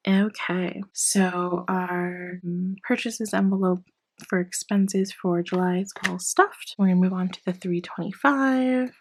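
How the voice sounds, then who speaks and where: A woman vlogging about her budget in a casual, chatty way, a little hoarse as she loses her voice, often counting cash out loud. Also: on the low side, fairly even intonation, a little slow, slight background noise, rough recording. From Canada. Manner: chatty, apologetic, counts bills aloud. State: losing her voice. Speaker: personal finance vlogger.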